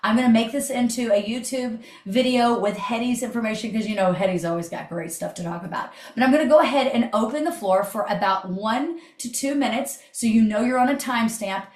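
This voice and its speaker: Energetic chatty woman host. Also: a little high, brisk, hardly any pauses, roomy sound. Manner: energetic, chatty, swears casually. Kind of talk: motivational talk on a video call.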